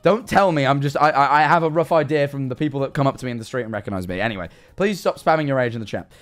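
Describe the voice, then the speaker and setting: A young man with an English accent, chatting on a livestream, swearing and bursting into incredulous shouts as he reacts to viewer messages. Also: mid-range voice, lively intonation, rapid-fire. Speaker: streamer.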